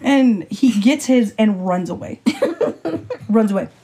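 Young woman cohost, warm mellow voice, tells stories and does little voices for folks she quotes. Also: mid-range voice, takes it slowly. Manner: animated storyteller, acts out quotes with a lifted voice. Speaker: podcast co-host. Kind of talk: casual storytelling chat.

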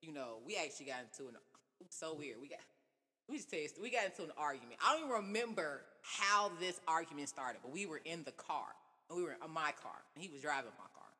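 Animated husky woman telling stories. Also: fast talker, long reverb tail. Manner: animated storyteller, acts out quotes with big pitch jumps. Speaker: podcast guest. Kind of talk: casual podcast chat.

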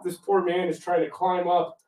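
A man with a fairly high voice tells a story in an animated way, with lots of "like" fillers. He is set back from the mic. The room around him is echoey. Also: moderate pace, recorded from a distance, background noise. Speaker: podcast co-host. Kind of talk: casual chat.

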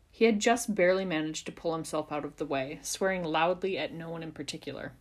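A woman with a fairly low voice reads a story chapter aloud for a podcast. She takes an expressive, measured pace and leans into the narration. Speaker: podcast reader. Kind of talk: reading fan fiction aloud.

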